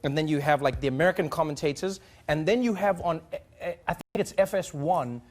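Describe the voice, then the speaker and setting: A man's voice: on the high side, a little fast. A man from Africa, telling comic stories animatedly and acting out voices and songs. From South Africa. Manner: animated, acts out voices and sings snatches of songs. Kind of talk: comedic storytelling.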